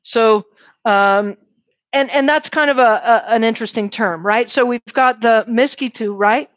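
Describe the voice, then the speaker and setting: A woman with a slightly high voice lectures a university class at a measured pace, lively and often asking "right?" or posing questions to the students. The classroom recording is dull and dry, with no echo.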